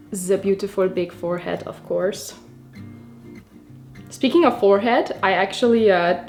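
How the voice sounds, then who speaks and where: A young woman from Denmark talks casually to camera while she does her makeup. She rambles from one thought to the next and laughs often, her voice sitting in an ordinary middle range. Soft music plays quietly underneath. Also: mid-range voice. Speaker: beauty vlogger. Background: soft background music.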